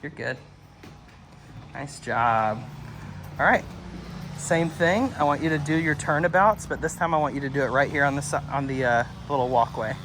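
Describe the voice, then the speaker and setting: Man, dog trainer, calm instructive, frequent praise, outdoors, faint background noise. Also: a little high, normal speed, long pauses. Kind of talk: hands-on coaching. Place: outdoors at a house doorway and yard.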